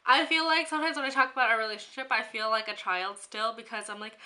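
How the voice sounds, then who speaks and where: A woman's voice: on the high side, fast talker, pushed and bright. A young woman vlogging in a chatty, rambling way, with a sore throat and an occasional cough. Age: young adult. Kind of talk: casual chat to camera.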